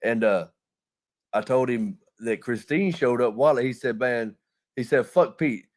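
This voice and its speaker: A man's voice: mid-range voice, a little slow. A man telling a long, profane, rambling story in casual chat, laughing as he goes. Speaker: podcast host.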